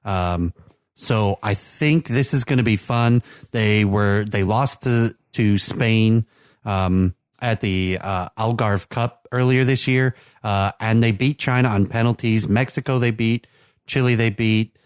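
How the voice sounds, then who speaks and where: A podcast co-host talks casually about soccer teams in a chatty way, with many fillers and restarts. His voice is fairly low, unhurried, and clean in tone. The recording is clean studio sound with no echo.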